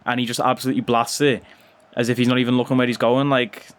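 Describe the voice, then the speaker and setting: A man giving chatty gameplay commentary as a gaming YouTuber, bursting into loud cheers on goals. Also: medium pitch, flat delivery, quick pace.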